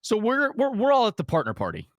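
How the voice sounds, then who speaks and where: A man telling a story in casual podcast chat, animated and full of profanity. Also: high voice, fast, dry recording, clean studio sound.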